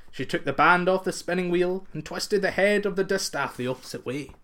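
A man narrating a folktale in an expressive, lilting way. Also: sits high, brisk. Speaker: storyteller.

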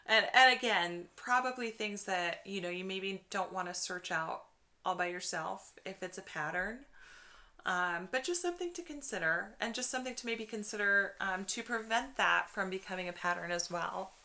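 Bright-voiced woman podcast co-host. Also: medium pitch, moderate pace. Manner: reflective, encouraging, frequent affirming murmurs. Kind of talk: casual conversational podcast.

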